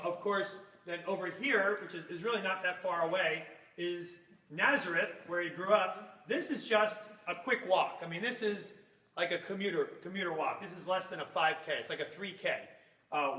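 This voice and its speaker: A man teaching a Bible class, animated and acting out little scenes in funny voices as he explains. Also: high-pitched, echoey room.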